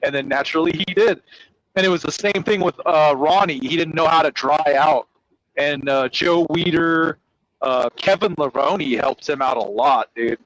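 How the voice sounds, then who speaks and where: A man hosting a casual podcast chat, talking in an animated, rambling, profane way. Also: fairly high pitch, normal speed, rough recording. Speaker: host.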